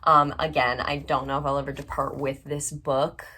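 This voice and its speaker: A young woman talks about her books in a casual vlog, bubbly and gushing. Her voice sits on the low side, filled with likes and ums as she chats to her viewers from home. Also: flat delivery, normal speed, bright, forceful tone, husky. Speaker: book channel host. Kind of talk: casual book vlog chat.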